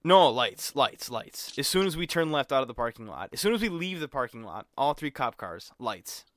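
A man's voice: mid-range voice, very animated, normal speed, a bit bright, dry recording, clean studio sound. A young man co-hosting a podcast, telling a college story in casual chat, acting out quotes and swearing freely. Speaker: podcast co-host.

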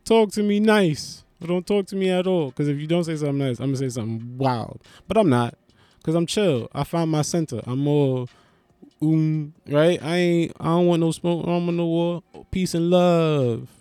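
A man doing a comedic monologue, animated and profane, riffing with lots of restarts. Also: fairly high pitch, moderate pace, clear, resonant tone, no echo. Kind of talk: stand-up style comedic monologue.

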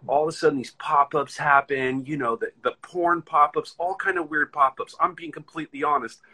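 A man's voice: mid-range voice, pushed and bright, low-quality recording. An American man hosting a casual chat, telling a rambling story and acting out the voices of the people in it. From United States.

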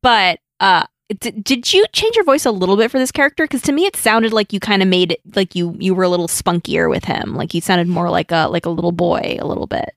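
A woman's voice: on the low side, a little fast, hardly any pauses, no room sound, studio quality. A woman co-hosting a podcast, curious and asking follow-up questions. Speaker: podcast co-host. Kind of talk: casual podcast chat.

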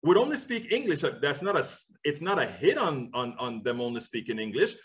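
A man's voice: fairly high pitch, very animated, a little fast. A man from Panama hosting a political talk show, conversational and thinking aloud as he speaks. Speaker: host.

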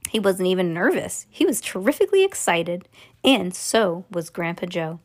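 A woman casually reading a storybook aloud to children, relaxed and sometimes stumbling over words. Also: on the low side, normal speed. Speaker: reader to children.

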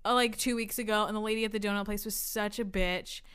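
A woman's voice: mid-range voice, steady tone, fast talker, a bit bright, clean tone. A young woman co-hosting a casual podcast, telling rambling self-deprecating stories with giggles. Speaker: podcast co-host. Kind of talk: casual chat.

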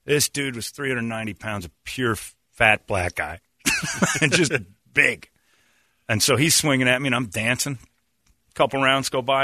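Teasing radio host. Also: male voice, medium pitch, wildly swooping pitch, moderate pace, bright, forceful tone, no room sound, clean studio sound. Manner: joking, teasing storyteller. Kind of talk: casual studio banter.

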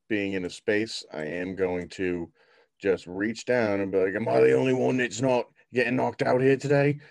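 A man's voice: low voice, no room sound. A man playing a tabletop role-playing game, casually declaring his character's actions. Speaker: player.

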